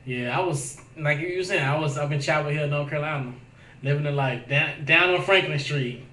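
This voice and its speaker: Bright-voiced man hosting sports chat. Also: fairly high pitch, a little fast, reverberant. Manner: joking, laughs often.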